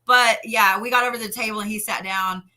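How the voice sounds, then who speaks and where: A woman guest chatting casually, telling animated stories, laughing often and swearing now and then. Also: on the high side, fast talker. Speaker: interview guest, pro wrestler. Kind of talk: casual storytelling chat.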